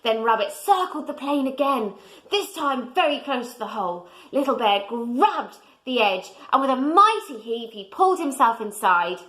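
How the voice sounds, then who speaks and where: A woman reading a children's storybook aloud in a gentle way, pointing out the pictures to young listeners. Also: on the high side, lively intonation, normal speed, rough recording.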